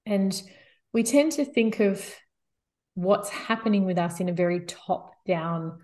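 A woman appears as a guest expert in an interview, explaining things calmly and steadily and often using "you know" as a filler. Her voice is medium-pitched and unhurried.

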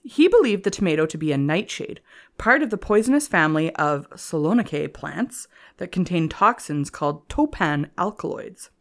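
Co-hosting a casual comedy history podcast, a woman reads her notes aloud between jokes and giggles often. Her voice is on the low side and animated, at a moderate pace.

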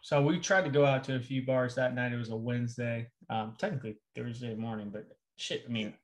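A man's voice: medium pitch, steady tone, a little fast. A man co-hosting a podcast in casual, loose chat, swearing often and rambling with restarts. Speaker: podcast co-host.

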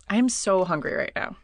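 A woman's voice: medium pitch, no echo. A young woman chatting casually as a podcast co-host, rambling with lots of "like", restarts and frequent laughter. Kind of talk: casual chat.

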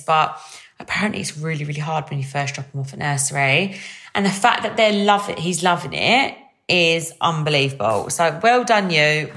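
Young woman, bubbly podcast host, chatty and a little low-voiced. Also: a bit bright. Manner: chatty and bubbly, lots of fillers. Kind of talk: casual solo podcast chat.

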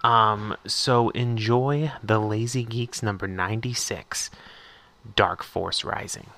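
A man introducing a podcast rerun episode, speaking haltingly with many fillers. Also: on the low side, steady tone, pushed and bright. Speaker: podcast co-host.

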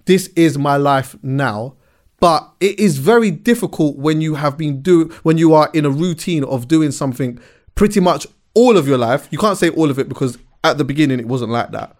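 A man's voice: fairly high pitch, expressive, moderate pace, a little mellow. Reflective man hosting a podcast. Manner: reflective, reasons things through at length. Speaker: podcast host. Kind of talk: casual chat.

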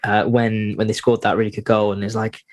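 A man's voice: fairly low pitch, little pitch movement, a little fast, darkish tone, dry recording. A man, co-hosting a casual football podcast, joking and laughing often. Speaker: podcast co-host.

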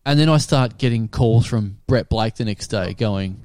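A man's voice: fairly low pitch, moderate pace, darkish tone, dry recording, studio quality. A man co-hosting a podcast over a video call, telling self-mocking stories. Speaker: podcast co-host. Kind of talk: casual podcast banter. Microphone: remote video call.

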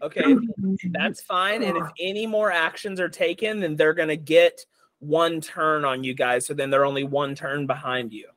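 A young man running a tabletop game as dungeon master, with a bright, slightly high voice. He explains options in a loose, rambling way full of fillers. The sound is dry and close. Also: fairly even intonation, moderate pace, no echo.

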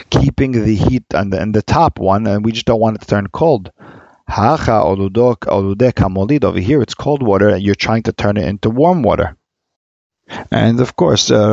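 A man teaching a casual Gemara class, reading passages aloud and explaining them in a halting way with many fillers and restarts. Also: lowish voice, creaky, a little mellow, no room sound. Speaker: Talmud teacher. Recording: dull lo-fi dry recording.

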